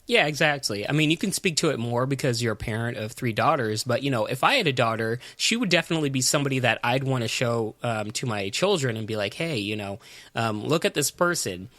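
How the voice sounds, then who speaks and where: Chill podcast dude, bright tense voice, lots of ums, dry mic. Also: male voice, mid-range voice, expressive, fast talker, hardly any pauses, no echo. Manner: laid-back, chatty, lots of ums and "you know". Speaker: podcast co-host. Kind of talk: casual podcast chat.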